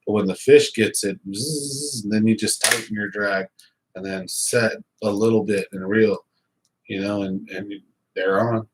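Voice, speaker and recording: Rambling, low-voiced fisherman talking to viewers. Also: normal speed, slight background noise, rough recording. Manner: rambling, excitable, lots of fillers. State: hiccups. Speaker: fishing channel host. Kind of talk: casual chat to viewers.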